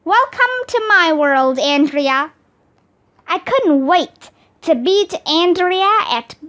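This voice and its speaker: A woman reading a children's chapter book aloud with an expressive, animated delivery. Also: very high voice. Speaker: storybook reader. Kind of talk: children's storybook read-aloud.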